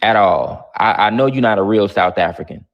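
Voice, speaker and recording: A man's voice: on the low side, expressive, moderate pace, vocal fry, muffled recording. A man hosting a live online talk show, brash and profane, mocking his callers. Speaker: host.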